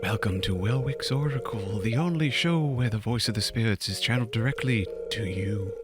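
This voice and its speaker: A man's voice: on the low side, normal speed, over music, close to an everyday voice. A man reading out a game's dialogue, voicing a mystic fortune-teller TV host in a theatrical announcer style. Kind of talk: reading game dialogue aloud.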